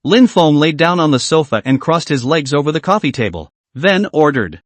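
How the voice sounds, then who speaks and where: Picture a man narrating a story in a voice that sits somewhat high for a man and leaps up and down with animation. The recording is dry and close, with no room sound at all. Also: sing-song, normal speed, dry recording.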